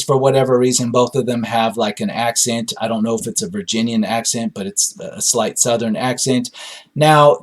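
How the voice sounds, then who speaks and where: A man's voice: mid-range voice, darkish tone. A man casually reviewing a film on his own, reading out audience reviews and talking with lots of fillers. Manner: rambling, frequent fillers and hedges.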